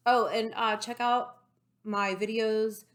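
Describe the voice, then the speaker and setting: A woman talking to camera from her room at home, excited and rambling, with lots of fillers and side remarks. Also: a little high, takes it slowly. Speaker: political vlogger. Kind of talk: casual monologue to camera.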